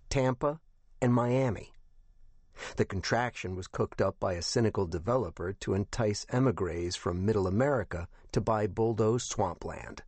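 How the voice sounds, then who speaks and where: Low-voiced man narrating an audiobook. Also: a little mellow, dry recording. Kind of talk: first-person scripted narration.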